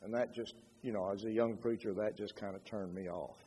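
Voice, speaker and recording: A man preaching a sermon in an animated way, acting out quotes with changing loudness. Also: on the low side, fairly quick, big-room sound, slight background noise, low-quality recording.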